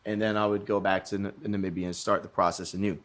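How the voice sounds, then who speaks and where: A man's voice: sits low, flat delivery, fast talker. A man in casual podcast chat, telling travel stories in a rambling way with frequent swearing. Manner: rambling, swears, restarts often. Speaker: guest.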